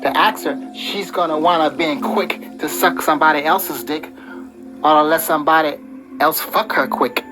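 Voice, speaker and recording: Brief: slightly high-voiced man, preachy rambling advice rant, music bed underneath. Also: moderate pace, rough recording. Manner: preachy, repeats "you know" often. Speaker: vlogger giving relationship advice. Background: background music.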